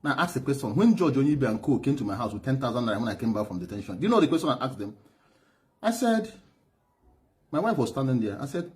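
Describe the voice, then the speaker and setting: His voice sits at medium pitch but swings widely, and he speaks fast. A middle-aged Nigerian man with a Nigerian accent, he offers an emphatic, repetitive account of being a former driver and aide, stammering and breaking into heavy laughter.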